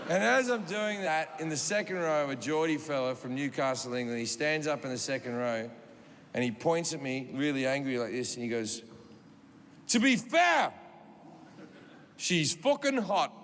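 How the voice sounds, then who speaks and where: A man's voice: mid-range voice, a little fast, a bit bright. A man in his forties doing stand-up comedy, telling a profane story with punchy delivery on a big stage. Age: 40s. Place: stage in a large venue. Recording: reverberant hall with audience noise.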